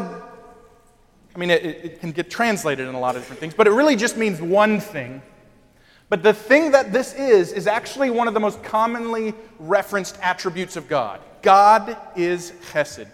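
A young man preaching a sermon from the pulpit, animated, with quick asides and acted-out quotes. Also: high-pitched. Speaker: pastor. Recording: long hall reverb.

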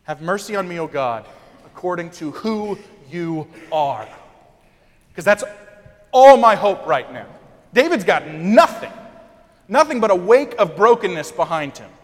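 High-voiced preaching man, lively asides. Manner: animated preaching with quick asides and acted-out quotes. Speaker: pastor. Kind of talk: sermon. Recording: long hall reverb.

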